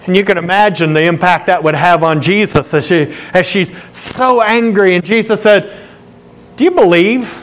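A male pastor preaching a sermon with animated, emphatic storytelling. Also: high voice, normal speed.

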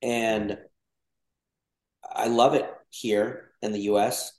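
Speaking slowly in a low, steady, darkish voice, a Mexican man appears as a casual podcast guest. His thoughts ramble, full of fillers and restarts, in a room with noticeable echo.

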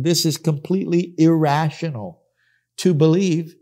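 Emphatic preacher man, mellow voice. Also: medium pitch, measured pace. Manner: emphatic, repeats key phrases, acts out quoted speakers. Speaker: Bible teacher. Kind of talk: sermon teaching.

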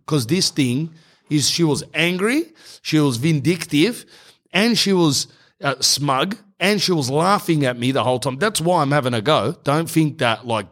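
A middle-aged man, telling a comic story in an exasperated, animated rant and calling the viewer "bro". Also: medium pitch, moderate pace. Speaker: vlogger.

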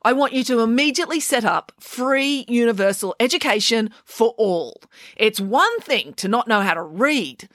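A woman's voice: on the high side, a bit bright, no room sound, studio quality, voice pushed up. A woman voicing a stern, haughty older queen in a storybook reading, scolding in an imperious manner.

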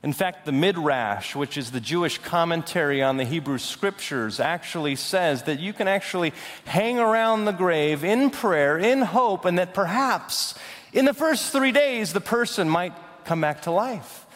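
A young adult man preaching a sermon, swinging from loud, rising declarations to hushed, slow intensity. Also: high voice, expressive. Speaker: pastor. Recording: long hall reverb.

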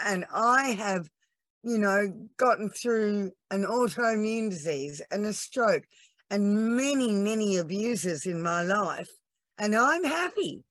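A woman's voice: on the high side, a bit bright, no echo. A woman, a laughter yoga trainer, telling her story on a podcast in an earnest, emotional way, teary at times. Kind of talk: podcast interview.

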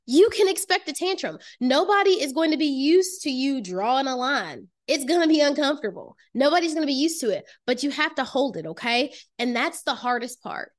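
A woman's voice: high voice, lively intonation, brisk, hardly any pauses. A woman coaching her listeners in a motivational master class, emphatic and direct, repeating key phrases for weight. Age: adult with children. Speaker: life coach and podcast host.

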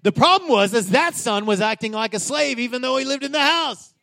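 Pastor, male, middle-aged, light high voice, chatty sermon delivery that swells into emphatic lines. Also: brisk, bright, forceful tone. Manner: conversational preaching with rising emphatic peaks.

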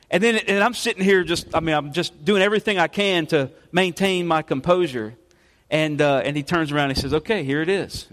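A high-voiced man, preaching in an easy, conversational way that often stops and starts over. His voice carries the long reverb of a church sanctuary. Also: a bit bright. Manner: conversational, halting preaching with repeated restarts. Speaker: pastor. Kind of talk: sermon.

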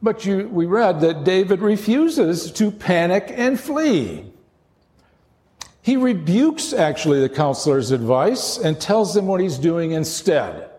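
A man's voice: high-pitched, big pitch swings, slow pace, darkish tone, in a large hall. A man preaching a sermon as pastor, earnest and emphatic.

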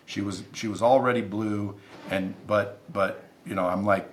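A man's voice: fairly low pitch, fairly even intonation, moderate pace, slight background noise. A man who is a podcast guest, telling stories in an emphatic, intense way and swearing freely. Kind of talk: casual interview storytelling.

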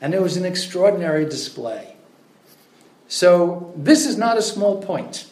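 Male lecturer, slightly high voice, chatty storytelling delivery, room echo. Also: big pitch swings, measured pace, a little mellow. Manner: conversational, many fillers, storytelling. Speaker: religious lecturer. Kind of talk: lecture on scripture. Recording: roomy echo.

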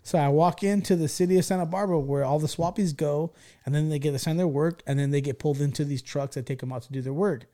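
A man from California hosting a podcast, telling a childhood story in an animated, profane way and checking in with his listeners as he goes. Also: a little high, fast talker. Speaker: podcast host. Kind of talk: casual storytelling.

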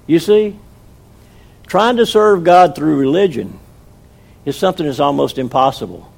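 Gravelly-voiced preacher man. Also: a little high, expressive, moderate pace, pauses often. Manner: earnest, conversational preaching with acted quotes. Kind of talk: sermon testimony.

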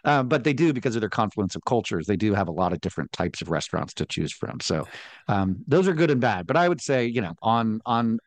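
A man's voice: lowish voice, very animated, brisk, no echo. A man co-hosting a casual podcast, chatting wryly with frequent ums. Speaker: podcast co-host. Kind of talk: casual chat.

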